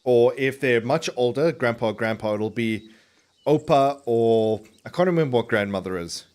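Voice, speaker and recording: A male game streamer talks casually at a middling pitch while he plays. He rambles, breaks off and restarts his sentences, and swears often, but his words are crisply enunciated. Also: normal speed, a little mellow. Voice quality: clearly enunciated.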